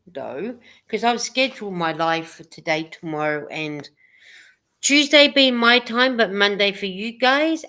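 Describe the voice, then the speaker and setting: A woman's voice: on the low side, a bit bright. A woman hosting a casual livestream chat, rambling a little and reading viewer comments aloud. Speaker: host of a live chat stream.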